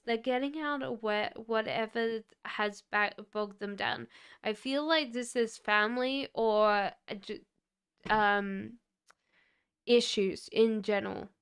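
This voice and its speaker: A woman giving tarot readings on a live stream, talking gently and reassuringly with frequent fillers. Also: a little high, smooth. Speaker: tarot reader.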